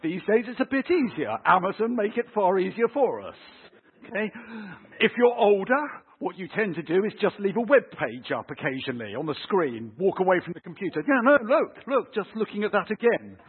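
A man preaching a lively sermon, acting out little scenes with family voices. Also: high voice, fairly quick, slightly rough. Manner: animated, acts out voices of kids and parents. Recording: tinny phone-like sound.

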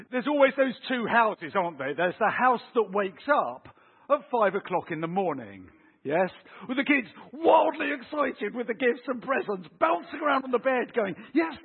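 Animated preacher, high husky voice. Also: male voice. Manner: animated, acts out voices of kids and parents. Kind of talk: sermon. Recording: tinny phone-like sound.

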